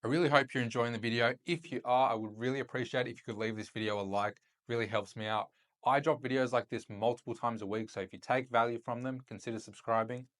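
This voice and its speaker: A young man explains his tips in a loose, casual teaching style, often tacking "right?" onto his points. His voice sits at an ordinary middle pitch. He sounds like a host talking straight to his viewers. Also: steady tone, quick pace, a bit bright. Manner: loose and chatty, checks in with "right?" after points. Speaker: host and chat-sales coach. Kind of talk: casual instructional talk to camera.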